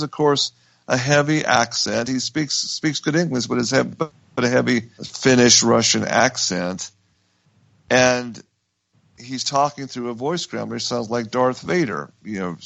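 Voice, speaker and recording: A man's voice: medium pitch, a little slow, vocal fry, fairly bright tone, dry recording. A man hosting a radio talk show, telling a story with emphatic restarts. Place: radio studio.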